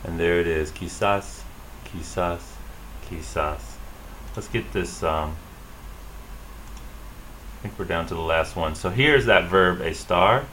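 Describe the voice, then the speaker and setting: A man teaching a Spanish lesson, explaining a rule and then repeating words slowly for practice. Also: sits low, bright, forceful tone, slight background noise, low-quality recording. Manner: slow, drilling repetition of words. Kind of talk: classroom lesson.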